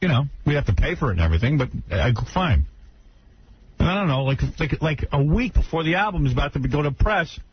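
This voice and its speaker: A man hosting a radio talk show, bantering casually and telling stories in an animated way, acting out the lines he quotes. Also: on the high side, fast, dull audio, a little hiss or hum.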